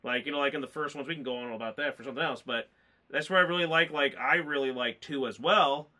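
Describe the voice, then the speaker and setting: A man's voice: medium pitch, fast talker, bright, forceful tone. A man chatting casually as a movie reviewer, rambling and emotional, choked up and tearful as he talks. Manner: rambling, emotional, lots of fillers. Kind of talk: casual chat.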